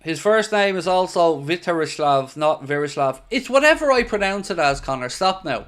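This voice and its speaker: A man's voice: a little high, expressive, fairly quick, few pauses, a bit bright. A young Irish man hosting a football watchalong stream, chatting casually and reading out viewer comments. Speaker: watchalong host.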